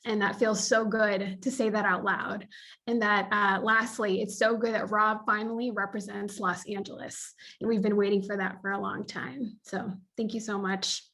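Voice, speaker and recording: A woman giving a speech of thanks at a virtual celebration over a video call, with many small pauses and fillers. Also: mid-range voice, little pitch movement, creaky, bright, forceful tone. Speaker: local club representative.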